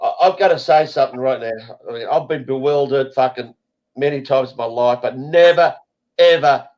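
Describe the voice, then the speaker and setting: A man's voice: medium pitch, moderate pace, a little mellow, dull audio. A man hosting a casual group chat over a video call, blunt and rambling, swearing often. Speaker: host.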